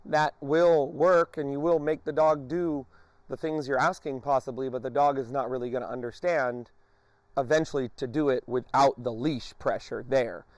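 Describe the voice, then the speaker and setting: A man training a dog on a leash, explaining each step calmly and breaking off to praise and give commands to the dog. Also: medium pitch, normal speed, no room sound. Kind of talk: instructional demonstration.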